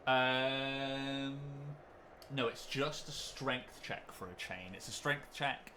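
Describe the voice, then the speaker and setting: A man's voice: medium pitch, slow, bright, forceful tone, slight background noise. A man narrating as game master of a tabletop game, describing scenes in a hesitant way with many ums and restarts.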